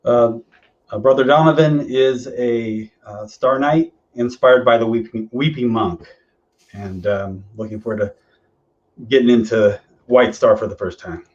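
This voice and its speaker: A man as a player who introduces his character in a halting way. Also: mid-range voice, a little mellow. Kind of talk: casual table chat. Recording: dull lo-fi mic.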